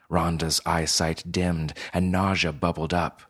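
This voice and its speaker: A man with a husky voice reading a story in measured, steady scripted narration. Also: deep voice.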